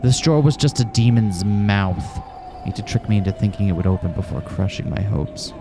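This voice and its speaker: A man's voice: on the low side, fairly quick, close to an everyday voice. A man reading a visual novel aloud, voicing a terrified young man trapped in a room, tense and close to panic. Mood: uneasy. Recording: music playing behind.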